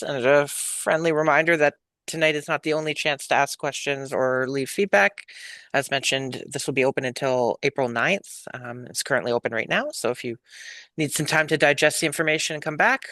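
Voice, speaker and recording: A man moderating an online public meeting, reading out questions from attendees in a friendly, relaxed and upbeat way. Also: on the high side, moderate pace, no room sound.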